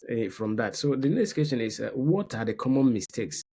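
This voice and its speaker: A man's voice: medium pitch, very animated, brisk, warm tone, husky. A man hosting a podcast interview, asking hesitant questions full of fillers and murmuring brief agreement. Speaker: podcast host.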